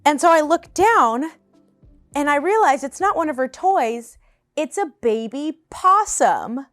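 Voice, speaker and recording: A young woman in her twenties chats through pet stories in a bright, fairly high voice, often breaking into laughter. She is animated and casual. The sound is dry and close, with faint music underneath. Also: unhurried, no echo. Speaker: vlogger. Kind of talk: casual storytime chat. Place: her apartment.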